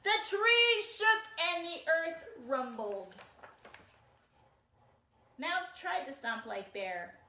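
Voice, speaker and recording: A woman reading a picture book aloud to children in an animated, encouraging way and asking them to join in. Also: very high-pitched, extremely slow, long pauses. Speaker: storytime reader. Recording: echoey room.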